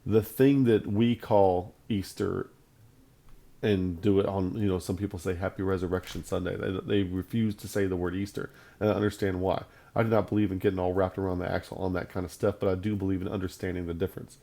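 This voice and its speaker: A man's voice: low voice, level tone, a little fast, vocal fry, warm tone. A man teaching a Bible lesson on video in an emphatic, conversational way, often repeating his points for stress.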